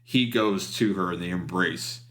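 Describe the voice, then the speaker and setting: A man narrating a tabletop game as game master, his voice sitting fairly low. He stops and restarts often, feeling his way through the scene. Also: unhurried, a bit bright. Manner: hesitant, full of ums and restarts.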